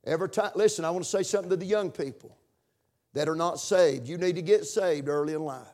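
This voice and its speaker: A pastor preaching a sermon in church, rising to loud emphatic passages and dropping to quiet asides. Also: male voice, on the high side, quick pace.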